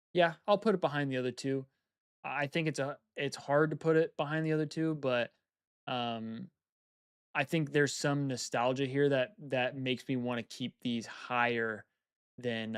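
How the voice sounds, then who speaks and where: A man's voice: medium pitch, clean tone, dry recording, clean studio sound. A young man chatting casually on a live stream, thinking aloud and repeating phrases as he weighs his choices.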